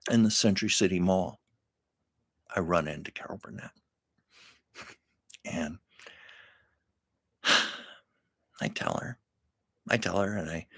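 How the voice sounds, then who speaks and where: An older man hosts his own live stream and tells personal stories in an earnest, emotional way, often stopping and starting his sentences. His voice sits on the low side. The sound is dry and close, with no room around it. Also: a bit bright, no room sound. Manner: emotional, earnest storyteller with many restarts. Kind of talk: casual storytelling on a live stream.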